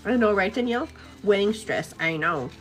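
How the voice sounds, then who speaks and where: A young vlogger, worn out and overwhelmed, tells her viewers a story at a moderate pace in a mid-range voice, with soft music playing underneath. Her retelling is casual and lively, full of laughs and quotes from each side of the argument.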